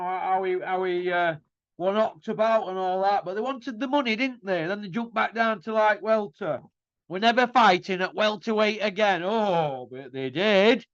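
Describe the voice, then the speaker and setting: A man's voice: very high-pitched, fairly bright tone, no room sound. A man hosting a boxing show, ranting in a mocking, combative way and firing off rhetorical questions. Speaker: boxing commentary host. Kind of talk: ranting opinion monologue. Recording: dull lo-fi dry sound.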